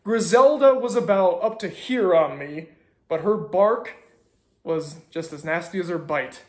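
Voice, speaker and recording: A young man casually telling a story as a video host, animated with sarcastic asides. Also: high voice, a little slow, roomy sound.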